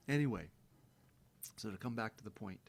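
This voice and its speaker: A man's voice: fairly low pitch, gravelly, breathy edge. A middle-aged man giving a blunt, profane self-help monologue, breaking into heated emphatic rants. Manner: mocks others in sing-song quoted voices. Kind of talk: unscripted monologue.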